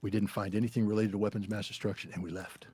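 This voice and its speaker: A man's voice: lowish voice, rapid-fire. A man in his sixties, a guest in an interview, telling a story animatedly and acting out the dialogue. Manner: animated, acts out quoted dialogue. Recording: loud background noise.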